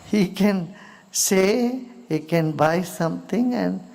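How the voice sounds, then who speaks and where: A man with an Indian accent, a spiritual teacher giving a slow, soft-spoken talk with stories, sometimes dropping to near-whispers. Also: high voice, vocal fry.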